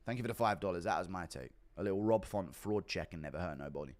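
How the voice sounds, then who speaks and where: A young man with a low-pitched voice talks fast on a livestream, casually reading out donations. He rambles in a relaxed chat, swearing a lot and laying on the sarcasm.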